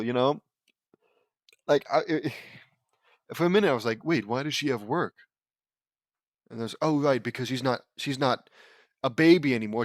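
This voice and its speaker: A man's voice: medium pitch, no room sound. Sarcastic man mocking a fanfic. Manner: sarcastic, exasperated asides, jumps to loud disbelief. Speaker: host reading and mocking a fanfic. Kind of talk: comedic audiobook reading with sarcastic commentary.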